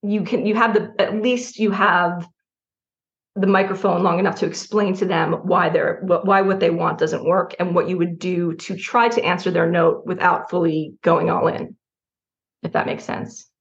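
Gravelly-voiced middle-aged woman, laughing often. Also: lowish voice, moderate pace, lo-fi sound. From New Jersey. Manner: animated, laughs often, restarts sentences. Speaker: writer guest. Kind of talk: candid interview conversation.

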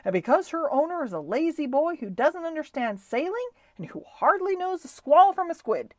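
A woman's voice: high voice, big pitch swings, moderate pace, dry recording, studio quality, pitched above the performer's own voice. A woman doing a blustery grown man with a boat. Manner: blustery and emphatic. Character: gruff grown man, toy schooner owner. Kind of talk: storybook reading.

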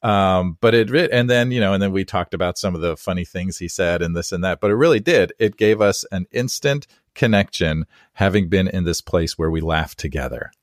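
A man's voice: deep voice, brisk, few pauses, no echo, clean studio sound. A man hosting a podcast conversation, a pastor who tells rambling stories and laughs easily. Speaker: podcast host and Presbyterian pastor. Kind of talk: conversational interview. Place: San Diego area.

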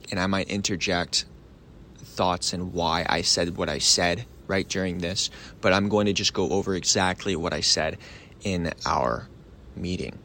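A young man hosting a solo sales podcast, talking casually and excitedly, often asking "right?" and acting out both sides of a phone call. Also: deep voice, slight background noise.

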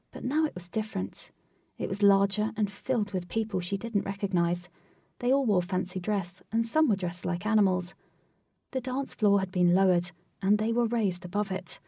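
A woman reading a story chapter aloud in a steady narrating voice. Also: mid-range voice, breathy edge, dry recording, clean studio sound, distant mic. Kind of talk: audiobook reading.

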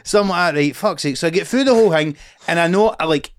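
A man's voice: high voice, quick pace, dry recording. A young Scottish man, a comedian, telling a sweary anecdote while chatting in a podcast studio. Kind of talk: casual chat, storytelling.

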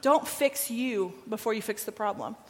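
A woman's voice: fairly high pitch, normal speed, long reverb tail. A woman preaching a sermon in a church, conversational and emphatic, repeating her phrases and checking in with the room. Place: church sanctuary.

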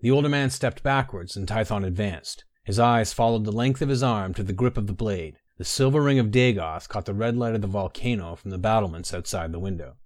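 A man narrating a fantasy story in a measured, even storytelling manner. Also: fairly low pitch, no echo, clean studio sound.

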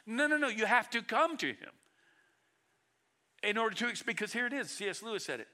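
Bright, forceful male preacher. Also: animated, a little fast, pauses often. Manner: earnest, swings from loud emphasis to hushed lows; frequent repeated words and restarts. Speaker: pastor. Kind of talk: sermon.

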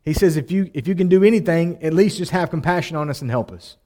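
A male pastor preaching a sermon, repeating his phrases and climbing to loud, emotional appeals. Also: fairly high pitch, quick pace. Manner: preaching, voice rising to near-shouting in emotional appeals.

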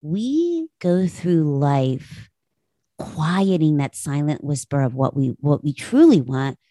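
A woman's voice: low voice, big pitch swings, slow, mellow, dry recording. A woman hosting a podcast, telling a personal story in a candid, reflective way and laughing easily. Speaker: podcast host.

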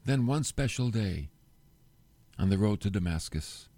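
Middle-aged guy preaching, voice jumps all over, mellow and dry. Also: on the low side, a little slow, dry recording. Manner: animated storytelling, acts out quotes. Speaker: pastor. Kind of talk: sermon.

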